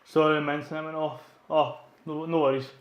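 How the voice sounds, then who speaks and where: A man's voice: a little high, brisk, echoey room, dull audio. Scottish man chatting mid-workout. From Scotland. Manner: relaxed, chatty, says "wee" a lot, reads and answers chat questions. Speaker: powerlifter streaming his training. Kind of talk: casual live-stream chat while training.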